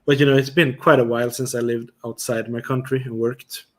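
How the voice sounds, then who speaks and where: A man's voice: medium pitch, little pitch movement, brisk. A Swedish man with a Swedish accent, hosting a casual livestream chat with a lot of "you know" fillers. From Sweden. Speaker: livestream host.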